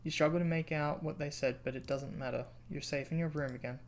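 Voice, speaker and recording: A streamer on a live let's-play, reading the game's text aloud in a low, muted voice. Between passages they burst out loud, swear and plead with the game. The voice sits at a middling pitch. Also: steady tone, a little fast, slight background noise. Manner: reads game text in a low, subdued tone, then breaks into loud, sweary outbursts. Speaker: streamer playing a narrative game.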